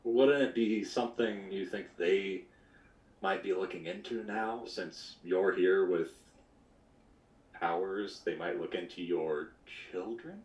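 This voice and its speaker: A man playing a tabletop role-playing game, asking curious questions in a lively way. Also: sits low, takes it slowly, dull audio. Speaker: tabletop player. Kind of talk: casual tabletop role-play. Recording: echoey, distant.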